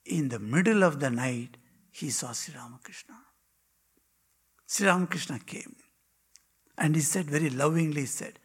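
A man, a monk, telling devotional stories in a spiritual talk, with dramatic pauses and drops to a hushed whisper. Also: a little high, breathy edge. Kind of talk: devotional storytelling.

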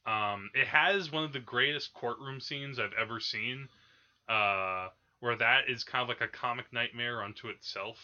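A man's voice: medium pitch, moderate pace, sharp tone, highs cut off. A man hosting a podcast, chatting casually about old films with lots of fillers and restarts. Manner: rambling, many fillers and restarts. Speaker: podcast host. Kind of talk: casual film discussion.

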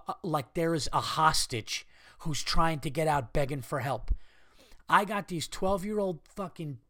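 A man's voice: fairly high pitch, fairly bright tone, no echo, clean studio sound. Profane ranting man hosting a podcast. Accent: American. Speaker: podcast host. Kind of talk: casual comedic monologue.

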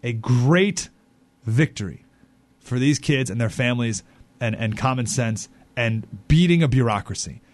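A man's voice: medium pitch, a little slow, no room sound. A male talk radio host riffs on a local story with real indignation, and his voice leaps and drops all over. He is recorded dry and close, with no room sound at all. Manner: animated, indignant, acts out quotes.

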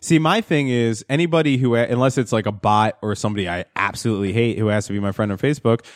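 A man's voice: medium pitch, fast talker, no echo, studio quality. A man hosting a casual podcast, talking in a laid-back, profane, rambling way. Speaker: podcast host. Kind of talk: casual chat.

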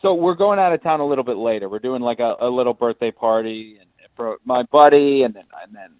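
A man's voice: medium pitch, fairly quick, dry recording. A man talking as a guest in a casual chat, rambling and often restarting his sentences. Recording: phone line.

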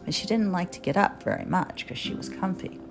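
A woman's voice: on the low side, expressive, brisk. A woman in her fifties from New Jersey, hosting a podcast in a candid, chatty, self-deprecating monologue. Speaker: podcast host. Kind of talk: personal monologue. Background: guitar music.

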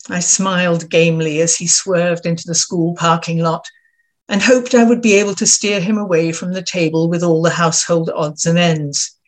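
A woman telling a humorous personal story aloud, in a wry, lively way. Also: lowish voice.

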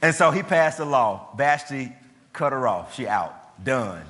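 A man preaching a sermon, retelling a scripture story in an animated, colloquial way full of slang. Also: mid-range voice, a little slow, background noise. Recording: long hall reverb.

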